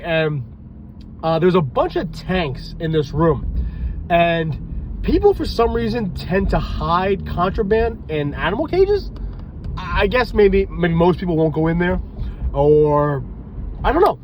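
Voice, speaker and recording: A man's voice: sits high, measured pace, lo-fi sound, a little hiss or hum. A tired man tells rambling, profane stories in a casual vlog, talking outdoors near a street. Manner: rambling, animated, swears freely. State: tired and loopy. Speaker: reptile breeder and police officer telling stories.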